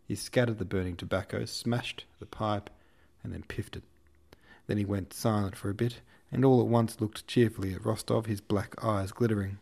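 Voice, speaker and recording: A man narrates a classic novel in a cheeky, irreverent style, swearing freely and adding asides. His voice sits fairly low for a man. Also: steady tone, normal speed, creaky, darkish tone. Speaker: podcast host reading a novel.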